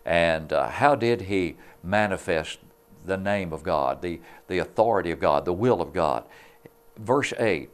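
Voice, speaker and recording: A man giving a devotional Bible lesson on a religious TV program, speaking in an earnest, measured way. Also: low voice, animated, smooth. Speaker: preacher. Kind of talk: devotional sermon.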